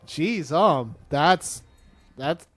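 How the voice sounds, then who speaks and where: A man's voice: fairly high pitch, lively intonation, drawn-out words, a bit bright, faint music behind. A man hosting a let's play, making dry, teasing wisecracks in casual chat with his co-host. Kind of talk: casual chat over gameplay.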